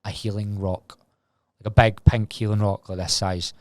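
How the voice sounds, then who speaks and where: A man's voice: fairly low pitch, flat delivery, moderate pace, dry recording, studio quality. A Scottish man in his twenties talking candidly and rambling on a solo podcast, swearing freely. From Scotland. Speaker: podcast host.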